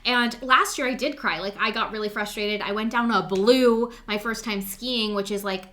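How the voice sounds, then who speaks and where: Bright-voiced chatty young woman. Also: medium pitch, normal speed. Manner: chatty, upbeat, many "like"s, acts out quotes. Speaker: podcast co-host. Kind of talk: casual storytelling chat.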